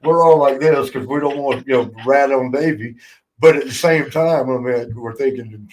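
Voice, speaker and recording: A former wrestler turned podcast host spins old stories in a casual chat, laughing often, swearing plenty and slipping into the voices of the people he quotes. His pitch sits in an ordinary middle range, with a moderate pace and a darkish tone. The recording is rough.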